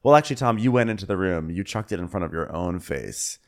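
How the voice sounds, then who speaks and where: A man's voice: deep voice, lively intonation, quick pace. A man co-hosting a podcast who recaps a reality show in indignant, sarcastic casual chat and laughs often. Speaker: podcast co-host.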